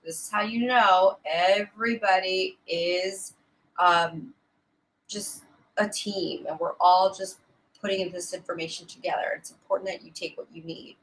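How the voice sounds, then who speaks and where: A woman's voice: on the low side, steady tone, unhurried, fairly bright tone, poor audio. A woman hosting a weather live stream, chatting casually, greeting viewers by name and laughing often. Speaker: weather livestream host.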